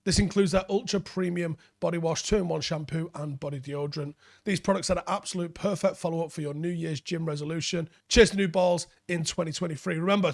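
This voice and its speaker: A man co-hosting a football podcast, joking through a cheeky ad read and casual banter. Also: on the high side. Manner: jokey, reads ad copy with punchy pauses. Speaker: podcast co-host.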